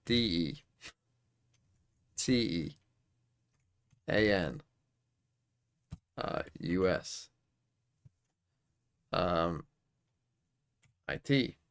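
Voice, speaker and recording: Gravelly man muttering quiz guesses. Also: low-pitched, expressive, very slow, pauses often. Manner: muttering guesses with frequent swearing. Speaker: streamer. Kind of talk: casual live-stream commentary while playing quiz games.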